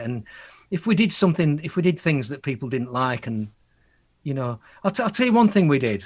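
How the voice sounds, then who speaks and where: A man, a musician guest, telling lively anecdotes, acting out quotes and laughing often. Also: fairly high pitch, a little fast. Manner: animated storyteller, acts out quotes, laughs often. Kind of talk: anecdotal interview talk.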